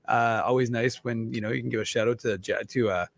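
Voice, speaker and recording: Fast, gravelly man teasing. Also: mid-range voice, fairly even intonation, no echo. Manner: teasing and sarcastic. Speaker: co-host of hockey post-game show. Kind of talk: joking banter.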